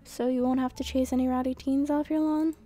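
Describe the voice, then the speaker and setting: A woman's voice: high-pitched, flat delivery, brisk, mellow, pitched above the performer's own voice, close to an everyday voice. Woman doing a perky, sassy teenage girl. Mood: teasing. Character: teenage girl, teasing daughter.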